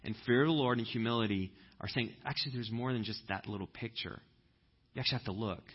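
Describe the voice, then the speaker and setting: A man preaching a conversational sermon, telling stories and breaking into loud animated impressions. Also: medium pitch, fast talker, slightly rough, lo-fi sound. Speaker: pastor.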